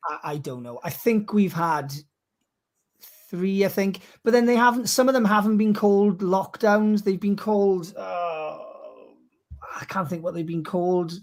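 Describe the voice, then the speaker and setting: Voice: medium pitch, unhurried. A co-host on a podcast livestream, rambling and thinking aloud with lots of ums. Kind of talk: casual livestream chat.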